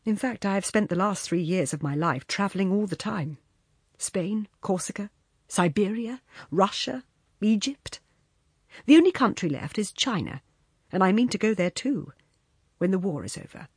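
Woman reading a self-assured guy reminiscing, husky, kinda low, dry close sound. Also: expressive, moderate pace, a little mellow, no room sound. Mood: musing. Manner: reminiscing, lightly boastful. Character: wistful, self-assured man in his thirties. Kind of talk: audiobook dialogue reading.

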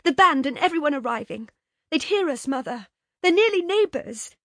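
A woman's voice: sing-song, normal speed, no echo, clean studio sound. A woman voicing a breathless pleading young woman. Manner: high, breathless, urgent pleading.

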